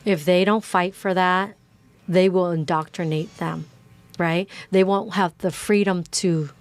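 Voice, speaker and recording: A city councilwoman talking as a podcast guest in a casual interview, animated and quick, with many fillers. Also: on the low side.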